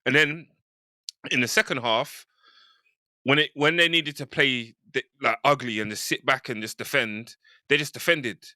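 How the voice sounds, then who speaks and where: A man's voice: mid-range voice, normal speed, bright, forceful tone, no echo, clean studio sound. A man on a football podcast panel, enthusiastic and rambling as he talks through a match. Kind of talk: casual football chat.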